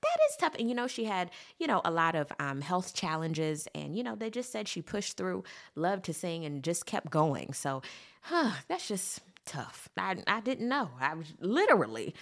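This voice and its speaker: Lively woman host talking straight to camera. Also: fairly low pitch, normal speed, gravelly. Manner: animated, talks straight to her audience with many asides. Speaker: commentary show host. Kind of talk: casual solo commentary.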